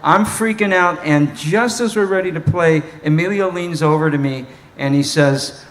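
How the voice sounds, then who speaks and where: A man, a saxophone player, telling an animated story at a live Q&A and laughing as he goes. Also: a little high, moderate pace, few pauses. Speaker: saxophonist guest.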